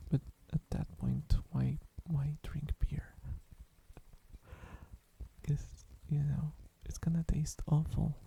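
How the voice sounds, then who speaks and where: Male ASMR streamer: soft-spoken, half-whispered rambling, very dark voice, slightly higher pitch, sleepy drift. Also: vocal fry, slight background noise. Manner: drowsy, meandering, whispering often. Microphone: close ASMR microphone.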